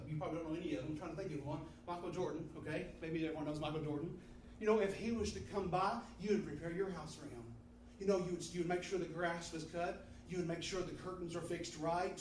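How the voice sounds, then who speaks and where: A man's voice: on the high side, darkish tone, a little hiss or hum. A man preaching a fervent sermon, repeating phrases in call-and-response style. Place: church sanctuary. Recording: roomy, distant mic in a hall.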